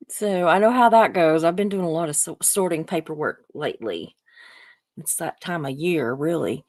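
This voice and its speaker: A woman's voice: lowish voice, a little slow, pauses often, dry recording, studio quality. A woman, probably in her fifties, hosting a casual live stream, chatting and rambling with viewers and laughing often.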